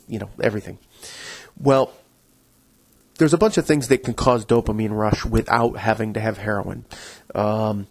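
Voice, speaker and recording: A man's voice: medium pitch, darkish tone, rough recording. A man hosting a podcast, explaining things in a casual, conversational way with frequent restarts. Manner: conversational, full of restarts, acts out inner voices. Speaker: podcast host.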